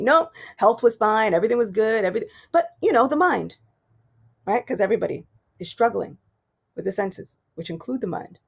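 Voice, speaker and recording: A woman giving a devotional morning class, telling personal stories with animated swings between soft and loud. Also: fairly high pitch, a little fast, vocal fry, slightly rough. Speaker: class speaker.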